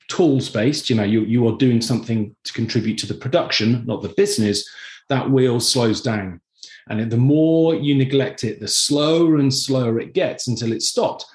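A man chats as a podcast guest in a roomy, echoey space. His pitch moves a lot as he tells anecdotes. He talks in an easy, animated way. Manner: animated storyteller, acts out quoted voices. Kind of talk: casual podcast conversation.

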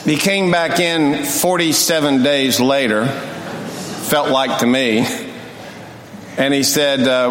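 Folksy older pastor in an echoing hall. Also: male voice, medium pitch, fairly bright tone. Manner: folksy, humorous storyteller, pace swings between quick and drawn out. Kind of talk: sermon with storytelling. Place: church sanctuary. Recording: echoey hall, faint noise.

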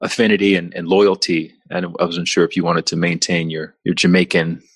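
A man's voice: low voice, little pitch movement, a little fast. A man hosting a podcast who introduces his guest and then interviews her in a friendly, teasing way. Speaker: podcast host. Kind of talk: casual interview.

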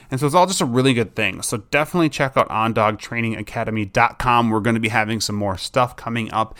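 Man, podcast host, dog trainer, casual rambling talk, mid pitch. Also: clean tone. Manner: rambling, relaxed, acts out excited dog voices.

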